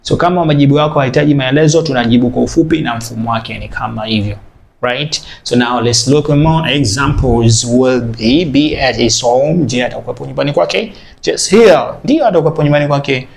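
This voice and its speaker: Gravelly man teaching English. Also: mid-range voice, slight background noise. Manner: repeats example sentences slowly, then translates quickly. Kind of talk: bilingual language lesson.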